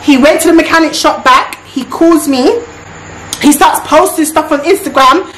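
A woman with a high voice tells a storytime tale in a blunt, repetitive way and swears freely. Her voice rings with a roomy echo, and faint noise sits underneath. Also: normal speed, a bit bright. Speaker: vlogger. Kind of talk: storytime monologue.

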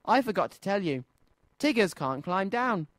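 A man voicing an excitable, boastful male tiger in a children's storybook reading. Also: high-pitched, moderate pace, no room sound, voice pushed up. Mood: worried. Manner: eager, bragging.

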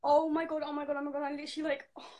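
A young woman from the United Kingdom, a fan on a live stream call, starstruck and breathless with excitement. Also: high-pitched, racing.

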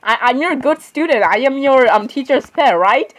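Her voice sits high and animated at normal speed, on a rough recording. Casually commentating a horror game let's-play, she's chatty, giggles often, apologizes plenty, and talks to the game's characters.

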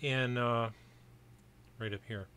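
A man's voice: medium pitch, fairly even intonation, slow, bright, forceful tone, a little hiss or hum. A middle-aged man from the Buffalo, New York area, narrating his kit build in a chatty, rambling way with fillers. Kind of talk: casual workbench narration.

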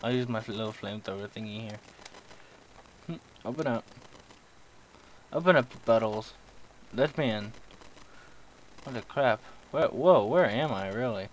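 A man's voice: lowish voice, moderate pace, pauses often, a little hiss or hum, poor audio. A young man commentating his own horror gameplay, talking to himself with jokes and yelping when startled. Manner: jumpy, yelps when startled, jokey self-talk. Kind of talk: horror game let's play commentary.

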